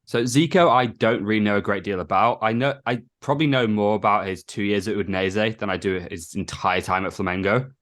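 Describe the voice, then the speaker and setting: A man who is a guest on a casual podcast, giving candid, measured explanations. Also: lowish voice, fairly bright tone. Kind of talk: casual football podcast chat.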